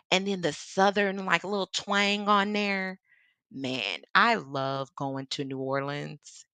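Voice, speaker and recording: A woman with a Chicago accent, from the Midwest, hosting a relaxed livestream while she paints. Her voice sits on the low side and sounds dry and close. She chats warmly with viewers, reads out their comments and laughs often. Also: dry recording. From American Midwest. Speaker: artist livestream host. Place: home studio in Seattle.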